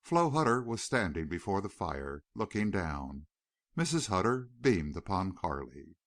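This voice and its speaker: A man narrating a classic novel in a measured, expressive reading. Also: low voice, no echo, clean studio sound. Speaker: audiobook narrator. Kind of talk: scripted narration.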